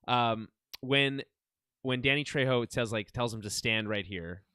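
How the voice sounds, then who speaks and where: A man's voice: medium pitch, unhurried, sharp tone, clean tone. A man co-hosting a casual show review, rambling with fillers and restarts, wry and dry in his humor. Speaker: podcast co-host.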